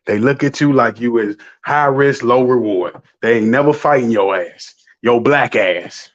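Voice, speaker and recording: A man's voice: medium pitch, unhurried. A man chatting casually as co-host, laid-back and explaining things in slang. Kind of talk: casual chat. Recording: dull lo-fi sound.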